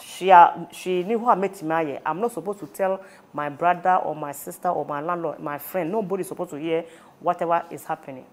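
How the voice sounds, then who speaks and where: A woman's voice: on the low side, fairly quick. A woman with a Ghanaian accent recounting a painful personal story, mixing Twi and English. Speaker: interviewee. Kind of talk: emotional personal testimony.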